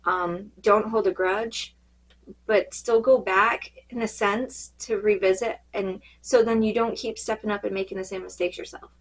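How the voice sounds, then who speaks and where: A woman reading cards in a casual spiritual check-in, her voice fading and a little hoarse, rambling and halting with many fillers. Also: mid-range voice, fairly even intonation, rough recording. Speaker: tarot card reader.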